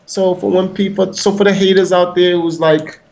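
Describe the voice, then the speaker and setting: A man's voice: sits high, flat delivery, moderate pace, gravelly, darkish tone, a little hiss or hum. A man hosting a podcast in a casual, emphatic, profane rant that rambles from point to point. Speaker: podcast host.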